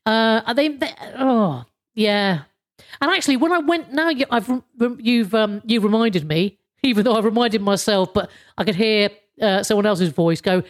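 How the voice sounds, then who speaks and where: A British woman talks through a loose, rambling podcast monologue. Her voice sits a little on the high side, and she chuckles and swears freely as she goes. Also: normal speed. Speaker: podcast host. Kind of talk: casual monologue.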